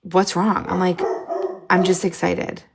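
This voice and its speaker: An excitable woman chats casually as she hosts a live stream, her voice carrying a gravelly edge. She hops from one idea to the next and laughs often. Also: on the low side, a little slow, background noise. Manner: excitable, jumps between ideas, frequent laughs.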